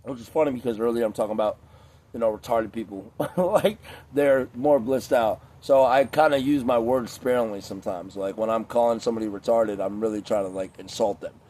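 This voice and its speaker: A man's voice: mid-range voice, brisk, warm tone. A man in a casual, rambling vlog rant, profane and digressive, a few beers in. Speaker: vlogger.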